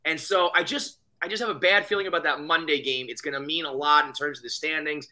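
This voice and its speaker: A man co-hosting a podcast, chatting casually about baseball in a rambling, profane, excitable way. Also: a little high, fast. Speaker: podcast co-host. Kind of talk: casual sports chat.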